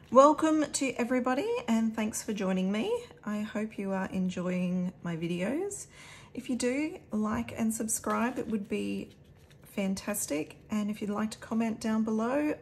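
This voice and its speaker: A woman's voice: medium pitch, slight background noise. An Australian woman vlogging casually at home, chatting to viewers while counting out cash. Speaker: budget vlogger.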